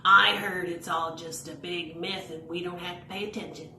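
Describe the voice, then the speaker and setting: A woman's voice: fairly low pitch, fairly even intonation, normal speed, noisy background, close to an everyday voice. Rory, a woman doing a brash boy puppet. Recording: echoey room.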